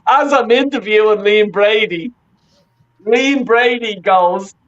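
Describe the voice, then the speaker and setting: A man telling an excited story with lots of laughter and "right?" between sentences. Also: high voice, slow, highs cut off. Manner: excitable, laughs a lot, keeps saying "right?". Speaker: fan interviewer. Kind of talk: casual chat.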